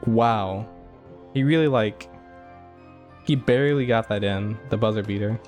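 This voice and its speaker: Over faint background music, a man with a fairly low, slightly mellow voice talks unhurriedly through his game playthrough. The commentary is casual and rambling, thick with "like" fillers and chuckled asides.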